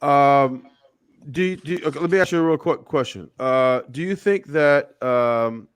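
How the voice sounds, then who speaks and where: A man's voice: fairly high pitch, normal speed, smooth, no echo. A man hosting a casual talk show, hesitant and full of stammered restarts as he asks guests questions. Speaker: show host. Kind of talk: casual live show chat.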